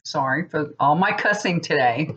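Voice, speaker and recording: A woman's voice: sits low, expressive, moderate pace, fairly bright tone, breathy edge. A woman in her fifties, a tarot reader and psychic, rambling in casual chat to camera and getting worked up as she talks. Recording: dull lo-fi recording.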